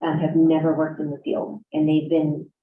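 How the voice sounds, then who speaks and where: Frank, low-voiced woman instructor, far off. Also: monotone, normal speed. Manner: frank, conversational, down-to-earth. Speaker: graduate program instructor. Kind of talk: panel talk at a career event. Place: university event room. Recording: distant, echoey, dull room recording.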